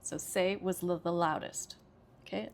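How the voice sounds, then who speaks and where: A woman's voice: fairly low pitch, steady tone, measured pace, gravelly. An American woman teaching English pronunciation, explaining sentence stress step by step and repeating example sentences with careful emphasis.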